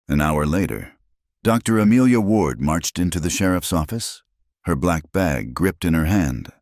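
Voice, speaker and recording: A man narrates a scripted story in a steady, measured way. His voice is exceptionally deep. The recording is close and dry, with no room sound. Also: no room sound.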